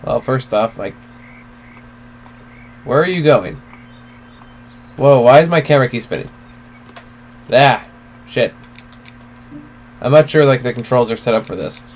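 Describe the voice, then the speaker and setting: A man's voice: mid-range voice, animated, a little slow, long pauses, a little hiss or hum. A man hosting a let's play at home, reclining in his chair and giving casual, laid-back commentary with frequent swearing as he thinks aloud.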